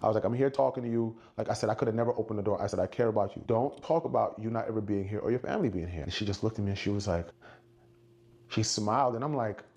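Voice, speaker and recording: A man telling an animated story and acting out the quoted lines of the people in it. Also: very fast. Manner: acts out quotes, shifts pitch for dialogue. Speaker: storyteller in a played clip.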